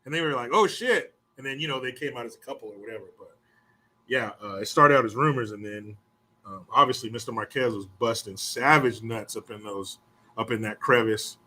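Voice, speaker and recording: Rambling profane man, bright tone. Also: mid-range voice. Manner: rambling, swears often, puts on quick mocking voices. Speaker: podcast host. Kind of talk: profane casual storytelling.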